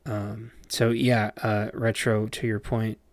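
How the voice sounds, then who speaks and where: A man streams a game and chats loosely with his viewers. His voice has a gravelly fry at mid pitch, and he wanders through his thoughts with many ums and restarts. The sound is close and dry. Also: level tone, slow pace, no echo. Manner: rambling, lots of fillers and restarts. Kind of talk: casual livestream chat while playing a game.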